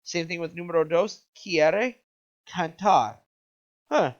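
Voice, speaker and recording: A man's voice: fairly high pitch, slow pace. A male Spanish teacher giving an upbeat video lesson, checking in with "okay?" and quizzing the viewer. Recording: dull lo-fi recording.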